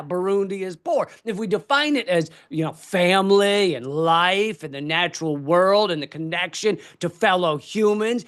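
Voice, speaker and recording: A man doing stand-up comedy as a keynote, who rants animatedly and swears freely. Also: high-pitched. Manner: ranting, profane, animated.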